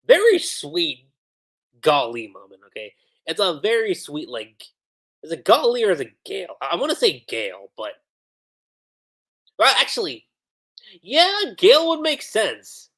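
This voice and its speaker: Animated man recapping an anime. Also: high voice, a little slow, pauses often. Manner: animated, retells scenes quoting characters. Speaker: anime reviewer. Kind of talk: casual livestream recap.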